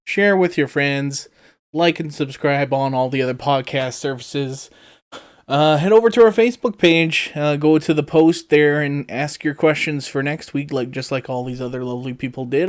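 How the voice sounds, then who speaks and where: A man's voice: medium pitch, moderate pace. A man co-hosting a podcast, chatting casually and closing out the episode. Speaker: podcast co-host. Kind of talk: casual chat.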